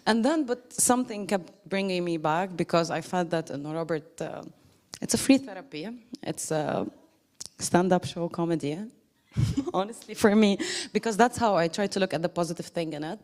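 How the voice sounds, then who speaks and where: A woman giving a casual, emotional thank-you speech to a group, laughing often and quoting others. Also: fairly low pitch.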